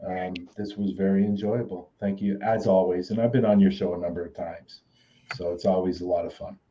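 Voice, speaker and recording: A man's voice: low-pitched, steady tone, brisk, warm tone, highs cut off, slight background noise. A man, a returning podcast guest, talking frankly and agreeably. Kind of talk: casual podcast chat.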